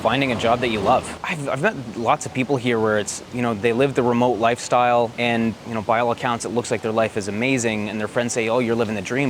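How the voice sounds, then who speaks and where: Man interviewee with a low voice, matter-of-fact and relaxed, faint background noise. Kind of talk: street interview advice.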